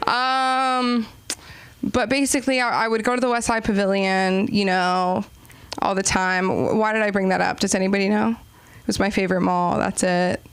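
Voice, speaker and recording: A young woman from Los Angeles hosts a small comedy open mic. Her voice is smooth and clear, with a dry, close sound, and her jokes drift and undercut themselves. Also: mid-range voice, little pitch movement, moderate pace, no room sound. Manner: rambling, self-deprecating, ironic. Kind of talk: stand-up comedy hosting. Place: small comedy club stage.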